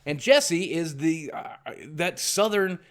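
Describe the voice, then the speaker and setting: A man's voice: a little high, lively intonation, slow pace. A middle-aged man from southwestern Virginia, talking in a candid, rambling, self-deprecating vlog monologue with frequent restarts. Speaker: YouTuber.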